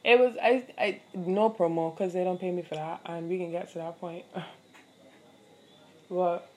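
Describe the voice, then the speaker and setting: A woman's voice: lowish voice, fairly even intonation, moderate pace. A young adult woman hosting her own podcast, telling a story in a candid, profane, chatty way with lots of fillers. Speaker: podcast host. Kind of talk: casual solo podcast storytelling.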